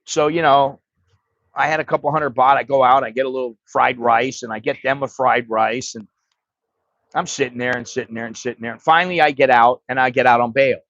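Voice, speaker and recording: A man's voice: medium pitch, steady tone, a little fast, a bit bright, no room sound, highs cut off. A man hosting a livestream, telling a story in a blunt, profane, casual way. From United States. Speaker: livestream host.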